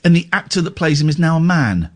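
A male English radio host in lively banter, ranting in mock outrage and stumbling over restarts. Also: on the high side, fast talker.

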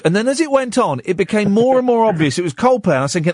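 A man chatting on a radio show, rambling and tripping over restarts as he talks. His voice sits somewhat high and swings about animatedly. The sound is dry and close. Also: sing-song, very fast, no room sound. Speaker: radio host. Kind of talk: casual radio chat.

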